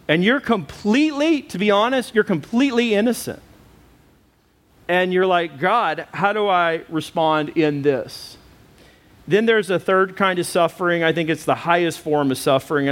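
Middle-aged pastor, slightly high voice, animated sermon storyteller. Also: male voice.

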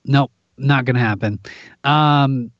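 A man's voice: mid-range voice, slow pace, no echo, dull audio. A man who works as an actor and audiobook narrator, chatting animatedly as a podcast guest and laughing often. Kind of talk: casual conversation.

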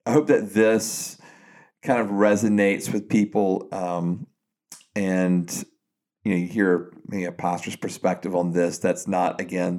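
A man with a fairly low voice speaks as a pastor on a casual podcast. He is earnest and reflective, and he often circles back and restarts his sentences as he works through his thoughts. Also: creaky, darkish tone.

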